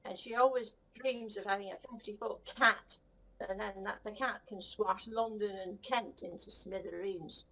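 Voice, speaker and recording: Her voice bright, forceful and medium in pitch, with fairly even intonation and moderate pace, a woman performs a puppet-style comic monologue as a vain, cheeky cat. The feline giggles, rambles rudely and cockily admires herself, all on a rough recording.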